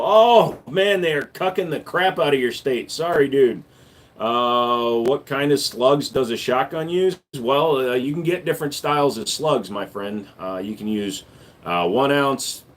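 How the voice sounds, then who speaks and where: A man talking casually to his livestream chat, a mid-pitched everyday voice. He answers questions in a laid-back, joking way, with bursts of louder hype when he calls on viewers. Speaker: livestream host and gun store owner.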